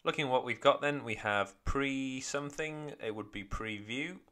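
A man, a teacher, walking through grammar test answers step by step in a clear explaining manner. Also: medium pitch, normal speed, fairly bright tone. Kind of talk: exam walkthrough lesson.

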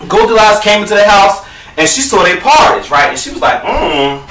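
A man's voice: sits high, sing-song, a little fast, fairly bright tone. A man telling a profane comic story in a sassy, camp manner, often calling the listener "girl". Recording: echoey room, distant mic.

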